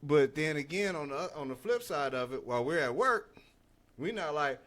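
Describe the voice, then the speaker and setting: An animated man hosts a laid-back podcast chat. His voice sits a little high, and he slips into other people's voices whenever he quotes them. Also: normal speed. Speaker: podcast host.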